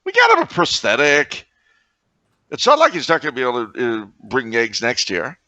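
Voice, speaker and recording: A man co-hosting a podcast, telling absurd stories with deadpan, mock-logical seriousness in casual comedic chat. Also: medium pitch, moderate pace, no echo, dull audio. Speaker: podcast co-host.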